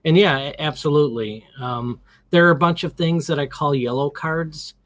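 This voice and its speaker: A man's voice: a little high, moderate pace, dry recording. A middle-aged man as an interview guest, telling a story casually and animatedly, acting out the quotes and restarting his sentences often.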